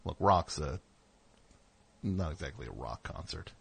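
A man's voice: a bass voice, animated, measured pace, creaky, fairly bright tone, breathy edge. A man hosting a radio show, telling a story in a casual, rambling way with wry asides in the studio.

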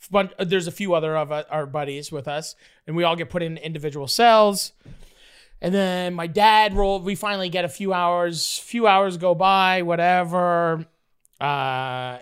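Animated profane man telling a story. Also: on the high side, normal speed, smooth. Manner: animated, profane, filler-heavy with many "like"s. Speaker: guest. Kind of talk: casual storytelling.

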